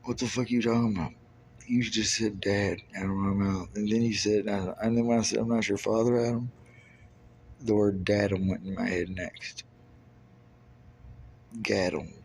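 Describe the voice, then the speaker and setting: Recorded by himself with slight background noise, this Kentucky man in his thirties rambles profanely from one idea to the next, drifting into loose rhyming wordplay. He speaks at a moderate pace in a lowish, creaky, slightly mellow voice with little pitch movement.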